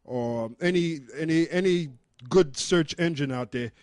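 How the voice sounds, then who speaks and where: A man's voice: fairly high pitch, unhurried, a little mellow, smooth, dry recording, studio quality. A man earnestly reading from an article and explaining it to a group, with frequent fillers. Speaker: member of a religious group presenting research.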